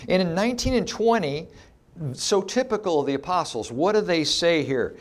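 A middle-aged man with a high, animated voice preaches an expository sermon at a normal speed. He teaches emphatically and puts rhetorical questions to his listeners.

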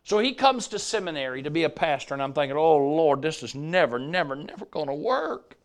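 This is a sermon from an older man with a Southern drawl who brings his anecdotes to life by playing the characters he quotes. His voice is a little high and moves fairly quickly.

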